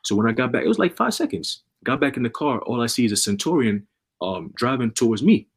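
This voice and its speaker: A man casually preaching and telling a story on a religious livestream, with energetic, repetitive street talk full of slang. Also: medium pitch, quick pace, breathy edge.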